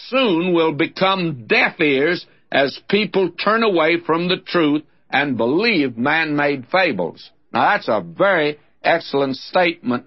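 An older man with a Southern US drawl preaches on radio in a folksy, plain-spoken way, his pitch swinging widely as he tells stories. His voice is a little husky. The old broadcast recording sounds dull and muffled. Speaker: radio Bible teacher. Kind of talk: radio sermon.

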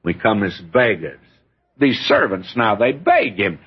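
Older guy preaching, husky voice, homey earnest way of talking, dull old recording. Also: on the low side, very animated, measured pace. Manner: folksy, earnest, addresses listeners as friend. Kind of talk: sermon.

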